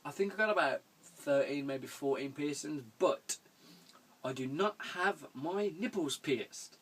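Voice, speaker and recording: A man's voice: fairly high pitch, unhurried, fairly bright tone, breathy edge. A young man chatting through viewer questions in a rambling way, chuckling often and swearing casually. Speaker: vlogger answering viewer questions. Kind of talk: casual Q&A video. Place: room at home.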